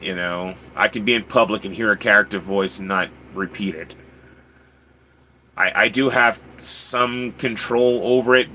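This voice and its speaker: A man's voice: lowish voice, pushed and bright. A man hosting a livestream, chatting casually with viewers, often stammering and repeating words. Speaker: livestream host. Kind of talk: casual chat reading viewer comments.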